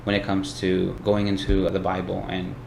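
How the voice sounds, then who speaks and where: A low-pitched man chats about faith in a loose, rambling way. His voice bounces around an echoey room. A faint hiss sits under the recording. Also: moderate pace, creaky. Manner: relaxed, rambling, says "bro" and "like". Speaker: podcast host. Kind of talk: casual Christian discussion.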